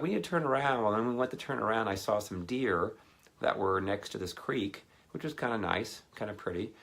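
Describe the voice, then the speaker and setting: Low, gravelly-voiced man telling a sermon story. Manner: rambling anecdotal delivery with animated quoted voices. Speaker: ministry speaker.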